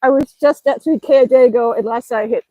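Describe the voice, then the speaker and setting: A woman's voice: on the high side, quick pace, dark tone, rough recording. A woman from Alaska chatting cheerfully on a live stream outdoors, out of breath as she works out and exclaims often. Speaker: livestreaming vlogger. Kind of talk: casual live-stream chat. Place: outdoors, by an exercise bike.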